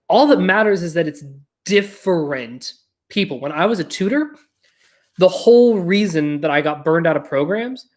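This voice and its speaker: A podcast host riffing through a casual monologue, peppering every thought with "like" and fillers. The talk is loose and animated, with quick personal stories and the occasional blunt swear. The voice sits at a mid pitch, neither high nor low. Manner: chatty, filler-heavy, animated storytelling with frequent "like".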